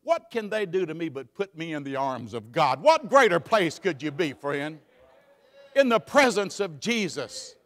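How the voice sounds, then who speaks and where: A man preaching a sermon in a church, swinging between fervent shouts and hushed asides. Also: fairly high pitch, sing-song, unhurried. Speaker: pastor. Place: church sanctuary. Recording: long hall reverb.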